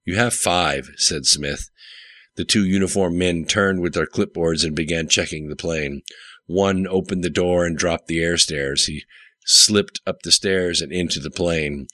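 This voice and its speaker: A man's voice: low-pitched, steady tone, measured pace, sharp tone, no echo. A man narrating a story aloud, plainly, with the odd slip. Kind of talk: audiobook reading.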